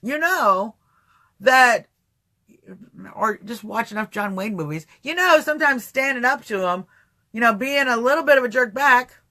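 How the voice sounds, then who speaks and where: A man hosting a casual livestream talk show, rambling and animated, answering chat comments as he goes. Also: very high voice, moderate pace. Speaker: livestream host.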